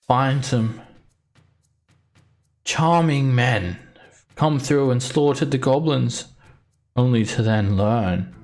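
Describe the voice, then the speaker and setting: A man voicing a taunting, menacing raider leader in a tabletop game. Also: medium pitch. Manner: mocking, threatening, smug.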